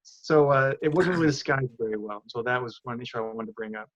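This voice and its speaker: A mid-pitched male co-host chatting casually on a podcast. He sounds laid-back and hesitant, and his voice comes through a slightly dull, lo-fi recording. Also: fast. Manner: laid-back, hesitant, often says "you know what I mean".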